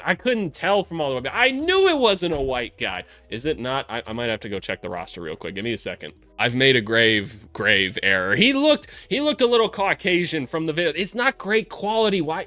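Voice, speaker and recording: A young man breaking down basketball film in casual, profane, excitable commentary, joking and shouting at big plays. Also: on the high side, no echo.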